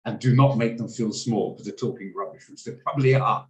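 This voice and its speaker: A man's voice: medium pitch, brisk, echoey room, poor audio. A man hosting a trading room on a video call, talking casually and emotionally, rambling and laughing as he goes.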